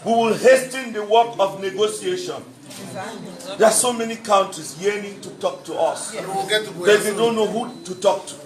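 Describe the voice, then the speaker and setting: A man's voice: high voice, normal speed, roomy sound, a crowd in the background, rough recording. A man giving an earnest, emphatic speech at a book launch, repeating phrases for weight. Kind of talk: public speech.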